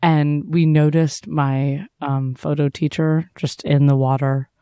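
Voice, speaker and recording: A man's voice: a little high, flat delivery, unhurried, warm tone, clear, resonant tone, dry recording. A man co-hosting a podcast in casual chat, rambling with lots of fillers and laughing often. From Massachusetts. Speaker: podcast co-host.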